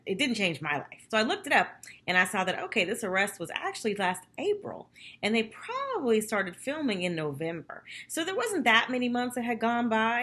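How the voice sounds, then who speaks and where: Brief: young woman, lively gossipy recap vlogger, bright voice. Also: medium pitch. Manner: chatty, gossipy, animated quoting of others. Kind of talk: casual chat.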